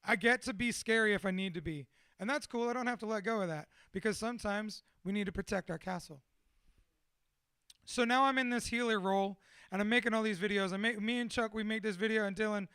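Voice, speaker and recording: A man with a high, bright voice tells rambling stories in casual conversation. He swears freely and drifts between excitement and quiet asides, chuckling along the way. The sound is close and dry. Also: a little fast, clean tone, no echo. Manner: profane, animated, laughs through his stories. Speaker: tattoo artist and podcast guest. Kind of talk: casual storytelling chat.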